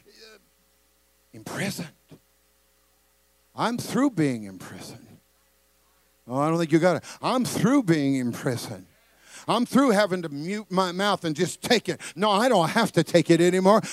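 A man preaching a fiery sermon who calls on the congregation to answer back and builds his lines up into shouts. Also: sits high, sing-song, normal speed, pauses often, dry recording.

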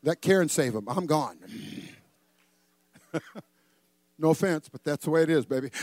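Older male preacher, lively and humorous, fairly high voice, dry recording. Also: unhurried, long pauses, no room sound. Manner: animated, joking, acts out voices with sudden loud bursts. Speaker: pastor. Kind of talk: sermon.

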